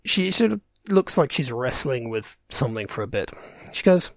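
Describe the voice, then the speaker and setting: A man's voice: medium pitch, big pitch swings, moderate pace, no room sound, clean studio sound. A man running a tabletop game, narrating in a rambling, wry way that corrects itself as it goes. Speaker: game master.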